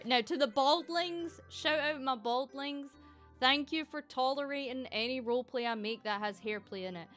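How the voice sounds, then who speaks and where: A woman's voice: sits high, expressive, a little fast, soft background music. Giggly streamer woman with put-on Scottish accent. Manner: rambling, giggly, swears freely, sudden bursts then soft murmurs. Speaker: streamer writing an ASMR script. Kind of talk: casual livestream chat.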